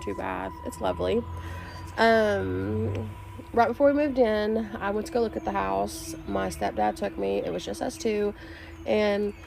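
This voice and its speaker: A woman casually starting a personal story, relaxed and chatty. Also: medium pitch, creaky, background noise. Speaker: creator.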